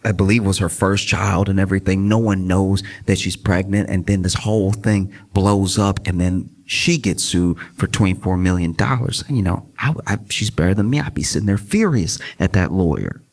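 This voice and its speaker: A male stand-up comedian telling a story on stage in an animated, conversational, self-deprecating way. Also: deep voice, normal speed, hardly any pauses. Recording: live room with loud audience. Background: audience laughter.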